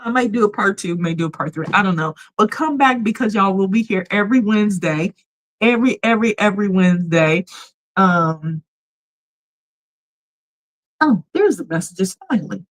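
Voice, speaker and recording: Here the same American livestream host sounds animated, speaking at normal speed and medium pitch over a rough recording. She has a polished radio voice and a chatty, emphatic manner, laughing often and reading out messages from chat.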